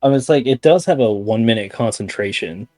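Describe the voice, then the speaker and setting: A man's voice: mid-range voice, lively intonation, fairly quick, darkish tone, dry recording. A man playing a tabletop game, reading out the rules and joking about being the rules lawyer. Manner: reads out rules, self-deprecating. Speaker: player.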